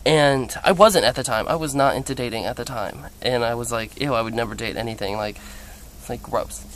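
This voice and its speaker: A young man telling a personal story to the camera in a casual vlog, chatty and animated, with lots of "like" fillers. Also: medium pitch, fairly quick, slight background noise. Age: young adult. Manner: quotes others in playful voices. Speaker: vlogger.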